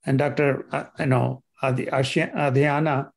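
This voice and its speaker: A man speaking as a panel guest, hesitant and halting, with many fillers. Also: medium pitch, steady tone, a little mellow. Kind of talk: panel discussion.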